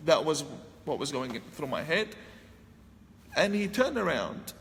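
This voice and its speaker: A man with a fairly high voice tells a personal story in an animated way, throwing his voice up when he acts out what he once said. The sound carries a long hall reverb with faint ambient noise behind him. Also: measured pace, gravelly. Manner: animated, acts out his own past lines with raised voice. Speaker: speaker telling a personal story. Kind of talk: storytelling talk.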